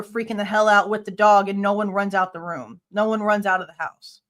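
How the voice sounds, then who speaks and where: A woman's voice: mid-range voice, a bit bright. A woman hosting a live true crime reaction show, reading a police report aloud and bluntly arguing with it, swearing casually and sounding exasperated. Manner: blunt, exasperated, sharply skeptical; reads report lines aloud, then argues back at them.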